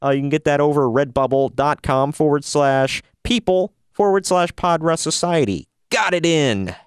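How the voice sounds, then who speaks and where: A man's voice: a little high, moderate pace, smooth, no room sound, clean studio sound. A man hosting a casual wrestling news podcast, wry and opinionated, often laughing at his own jokes. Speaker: podcast host.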